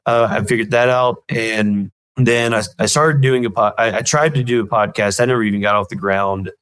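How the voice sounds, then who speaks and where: Male guest, low voice, animated anecdotes, dry booth sound. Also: normal speed, smooth, no room sound, rough recording. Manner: rambling, self-deprecating, animated anecdotes. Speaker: guest comedian and show creator. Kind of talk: casual interview storytelling.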